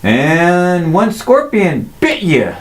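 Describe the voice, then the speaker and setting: A man narrating as dungeon master, describing combat in quick bursts with sudden jumps in pitch. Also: huge pitch swings. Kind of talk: narrating a tabletop game.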